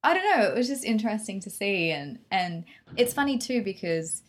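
A woman's voice: medium pitch, normal speed. A woman, chatting casually and animatedly about a film she loved. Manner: animated, chatty, laughs often. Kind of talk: casual film review chat.

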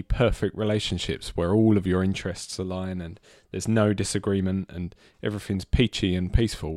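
A man's voice: on the low side, no room sound, studio quality. A man, a podcast co-host, giving wry, mock-earnest advice in casual comedic chat.

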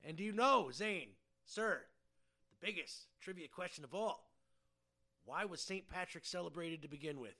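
A male podcast co-host reading trivia in casual chat, joking and swearing freely. His voice is high and bright. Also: expressive, normal speed.

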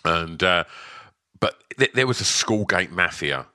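A man's voice: low voice, animated, measured pace, bright, forceful tone, no room sound, clean studio sound. A middle-aged man, co-hosting a podcast over a video call, full of teasing banter. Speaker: podcast co-host. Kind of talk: casual chat.

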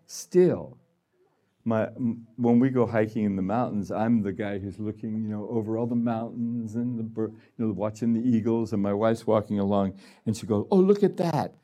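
A man's voice: on the low side, fairly even intonation, moderate pace, dark tone, lo-fi sound. A man giving a conversational sermon to a gathering, laughing often and acting out little voices. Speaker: healing room director speaking.

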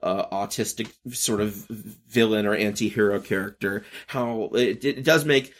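A man in his thirties hosting a podcast, talking in a rambling casual monologue, halting and restarting often, swinging between high energy and subdued. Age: 30s. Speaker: podcast host.

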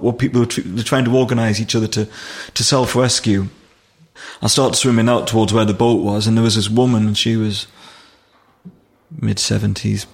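A middle-aged man recounting events in an interview, his low voice rough with gravel. He talks in a halting, vivid way, breaking off and restarting. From Nottingham, England. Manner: vivid, halting retelling with restarts and dialect grammar. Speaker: guest, firefighter. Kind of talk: storytelling in an interview.

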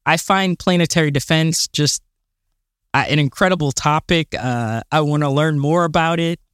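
A man's voice: a little high, moderate pace, a bit bright, smooth, dry recording, clean studio sound. A man co-hosting a space podcast in casual chat, enthusiastic and given to exasperated rants, with many fillers. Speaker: podcast co-host.

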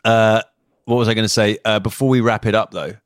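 A man's voice: fairly low pitch, steady tone, fairly quick, no room sound, clean studio sound. A man hosting a comedy podcast, chatting in a playful, teasing way. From United Kingdom. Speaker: podcast host. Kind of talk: casual comedic chat.

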